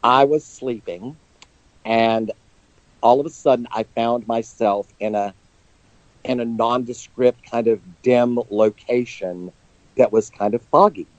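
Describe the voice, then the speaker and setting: Over a dull, lo-fi telephone line, a man who works as a psychic medium shares personal stories in an interview. His medium-pitched voice is unhurried and dry with no room sound, and he speaks earnestly, open about his feelings.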